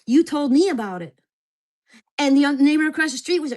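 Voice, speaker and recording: A woman's voice: sits high, expressive, brisk, darkish tone. A woman in her sixties, venting to camera at home in an agitated, swearing rant. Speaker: vlogger. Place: at home in a mobile home park.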